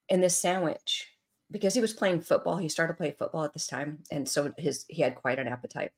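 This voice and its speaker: Middle-aged woman guest, low-pitched, earnest and emotional as she recounts her story. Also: fairly even intonation, normal speed, a little mellow. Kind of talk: personal story in a podcast interview.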